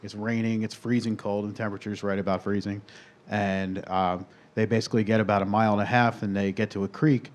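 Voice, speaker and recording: A man with a fairly low voice, guesting on a podcast. He tells a crime story in a steady, measured, detailed way, as a casual storyteller.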